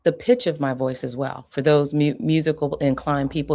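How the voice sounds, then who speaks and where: A woman's voice: deep voice, steady tone, brisk, few pauses, a little mellow. A middle-aged woman psychiatrist giving an educational talk in a conversational, explanatory way, often checking in with the listener.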